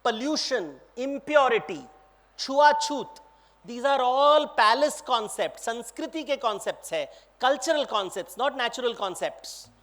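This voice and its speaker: A man's voice: extremely high pitch, lively intonation, moderate pace, a bit bright. A man voicing a wise prince who patiently asks his brother questions and explains. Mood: earnest.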